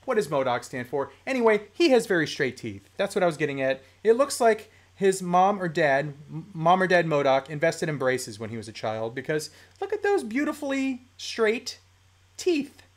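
A live-stream host talking casually about toy collecting at a home desk mic, chatty, mildly profane and quick to laugh. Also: medium pitch, animated. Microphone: desk microphone.

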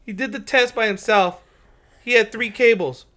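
A man's voice: sits high, normal speed, bright, forceful tone. A man co-hosting a podcast, telling stories in a casual chat and laughing through them. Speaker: podcast co-host.

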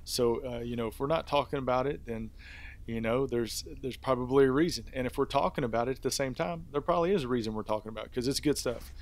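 A man's voice: medium pitch, fast talker. Easygoing man co-hosting a gear podcast. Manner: easygoing, rambling with many fillers. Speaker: podcast co-host. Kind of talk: casual review chat.

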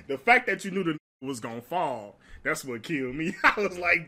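A young man tells stories casually, swearing and laughing as he goes. His high voice swings widely. The tone is bright and forceful. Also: measured pace, pauses often. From Alabama, United States. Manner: laughing, profane, animated. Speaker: storyteller. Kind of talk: casual storytime.

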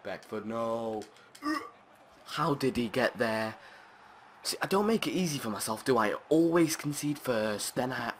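A man narrates his football video game as he plays, at a middling pitch. He chats through the action, then flares into loud, high yells and swearing whenever a chance goes wrong. A faint hiss sits under the voice. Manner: excitable, shouts and swears at the game. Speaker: gaming channel host.

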